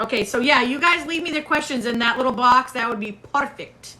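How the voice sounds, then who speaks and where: A woman's voice: fairly high pitch, brisk, hardly any pauses, pushed and bright. A middle-aged woman hosting a casual livestream, chatting playfully and reading out viewer comments while she waits for a guest. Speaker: livestream host.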